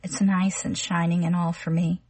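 A woman reading a menacing, smooth-talking young man who coaxes and taunts in slangy patter. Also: lowish voice, flat delivery, darkish tone, natural voice. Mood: coaxing. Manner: slangy, wheedling drawl with rapid patter.

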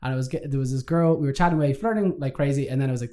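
A man's voice: mid-range voice, racing, warm tone. A young man, co-hosting a podcast and telling rambling, laughing anecdotes with plenty of swearing. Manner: rambling storyteller, laughs often, swears freely. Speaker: podcast co-host. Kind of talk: casual chat.

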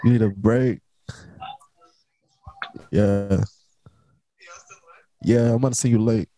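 A man's voice: on the low side, steady tone, slow, mellow, a little hiss or hum. A young man hosting a casual late-night podcast, talking in a laid-back, rambling way full of slang. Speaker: podcast host.

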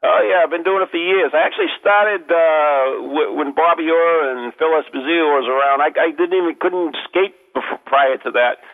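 A man's voice: a little high, normal speed, hardly any pauses. Joking older male radio host. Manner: rambling, joking, many restarts. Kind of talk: casual radio talk. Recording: tinny phone-like radio audio.

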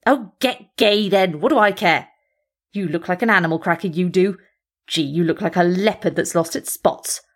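A woman's voice: medium pitch, unhurried, few pauses, darkish tone, natural voice. A woman voicing a coarse, scruffy male alley cat who teases and sneers. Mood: teasing. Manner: sneering, teasing.

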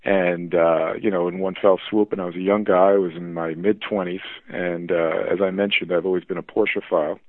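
Man, very low voice, phone-like sound, dry, chatty storyteller. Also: little pitch movement, fairly quick, few pauses, no echo. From New Jersey. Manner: enthusiastic, filler-heavy, restarts often. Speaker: podcast guest, publishing executive. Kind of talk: conversational interview storytelling. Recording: dry, phone-like narrow line.

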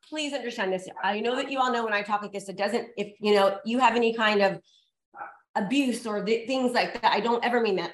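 A woman's voice: on the high side, sharp tone. A woman giving a motivational talk to a live audience, emphatic and repetitive as she coaxes the crowd. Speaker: motivational speaker. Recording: echoey room.

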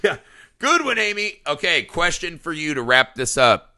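Bright-voiced laughing man telling stories. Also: on the high side, sing-song, normal speed. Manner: laughing often, storytelling, profane. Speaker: podcast co-host. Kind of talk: casual film discussion.

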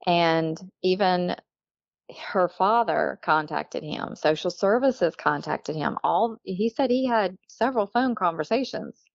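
Her voice sits on the low side with lively intonation, and she's in no hurry as she tells her story as a guest in a casual conversation. Chatty and quick to laugh, she acts out what others said. There's no room sound, and the audio is dull.

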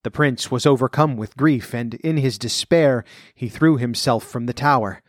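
Guy reading a fairy tale out loud, steady and measured, pretty dry close mic, mid voice. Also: medium pitch, no room sound. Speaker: storyteller and folklore commentator.

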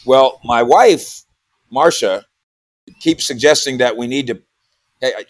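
A man's voice: mid-range voice, measured pace, long pauses, no echo. Chatty man on a dry studio mic. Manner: rambling, repeats words, animated when quoting. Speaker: sports columnist and podcaster. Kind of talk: casual radio chat.

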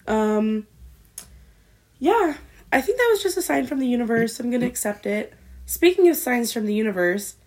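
A woman's voice: on the high side, a little mellow. Laughing young woman podcast co-host. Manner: loose, laughing, swears freely. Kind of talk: casual chat. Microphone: built-in laptop mic.

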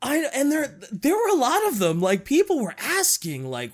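A man hosting a casual, rambling chat, animated and giggly, with frequent swearing. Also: extremely high pitch, normal speed, few pauses.

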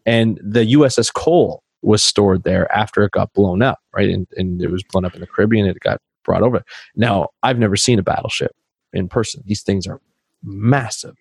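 A man from Canada telling stories in casual conversation as a podcast guest, animated and acting out the dialogue he quotes. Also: lowish voice, normal speed, creaky, breathy edge, dry recording. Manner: animated storyteller who acts out quoted dialogue. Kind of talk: casual storytelling chat.

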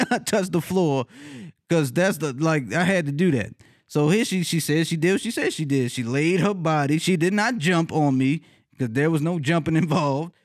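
Man, profane casual storyteller, laughs a lot mid-sentence, dry close sound. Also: dry recording. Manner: animated, jumps high in pitch when retelling his reactions.

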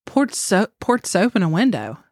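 A woman's voice: mid-range voice, big pitch swings, normal speed, dry recording, studio quality. A woman, bantering and cracking jokes as a podcast co-host in casual chat. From West Virginia. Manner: jokey, teasing banter.

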